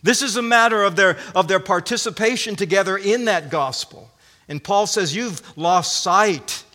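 Emphatic high-voiced man preaching in a hall. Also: normal speed, pushed and bright. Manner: emphatic, repeats phrases, many restarts. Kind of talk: sermon. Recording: long hall reverb.

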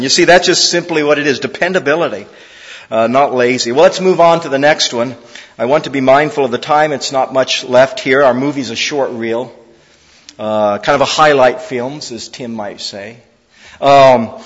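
In a large hall, a man with a medium-pitched, somewhat bright voice gives an earnest, conversational expository sermon. He poses direct rhetorical questions to his listeners and reaches for sports metaphors, and the audio sounds dull.

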